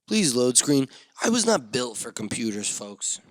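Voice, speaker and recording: A man hosting a solo podcast, rambling and swearing through self-mocking rants with sudden loud outbursts into a studio mic. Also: medium pitch, sing-song, a little fast, hardly any pauses, dry recording. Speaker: podcast host.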